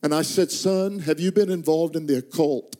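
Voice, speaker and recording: A middle-aged man preaches, telling a personal story from the pulpit. His voice sits fairly high, often dropping to a slow hush before climbing with fervent force. He sounds like a pastor carrying a congregation through a moment of deep feeling. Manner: builds from hushed, slow narration to impassioned, high-pitched intensity. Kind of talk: sermon storytelling.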